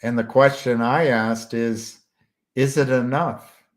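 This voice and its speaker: A man chatting casually as a stream host, halting often and searching for words with many fillers. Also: mid-range voice, steady tone. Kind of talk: casual rambling chat.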